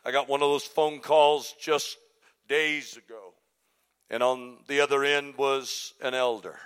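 A male pastor preaching a sermon in a church, moving between loud shouted exhortation and quiet, hushed storytelling. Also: mid-range voice, steady tone, unhurried. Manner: swings from shouted preaching to hushed, breathy confession. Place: church sanctuary.

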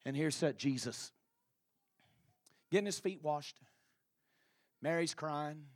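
A man preaching a sermon in a dramatic, impassioned storytelling manner, often shouting. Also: on the high side, slow, dry recording, studio quality.

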